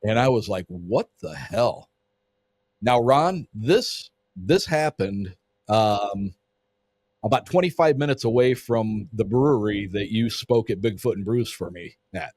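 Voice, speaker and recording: A man with a husky, fairly low voice tells a story to a podcast host in a loose, vivid way. He swears freely and acts out what others said. The sound is dry and close, with no room around it. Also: lively intonation, measured pace, a little mellow, no room sound. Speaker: podcast guest. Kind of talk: casual storytelling.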